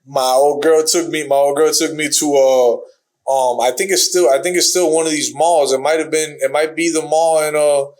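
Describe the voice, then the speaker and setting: A man's voice: fairly high pitch, fairly even intonation, normal speed, a little mellow, rough recording. Rambling young man telling a story. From Miami. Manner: rambling, repeats himself, slangy. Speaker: guest fighter. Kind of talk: casual storytelling.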